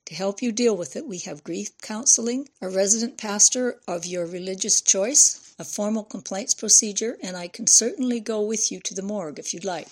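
A woman reading as a calm, officious senior nurse. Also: mid-range voice, normal speed, few pauses, close to an everyday voice. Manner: soothing but officious.

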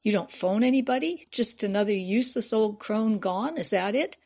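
A woman voicing a grieving older man who lashes out indignantly, with a slight fry in her voice. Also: mid-range voice, expressive, moderate pace, darkish tone. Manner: indignant, bitter outbursts.

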